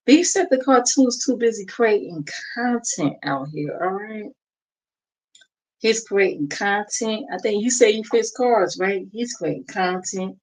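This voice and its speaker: A woman's voice: mid-range voice, unhurried, poor audio. A woman. She gossips with sassy, mocking asides. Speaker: livestream host. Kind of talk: casual reaction stream chat.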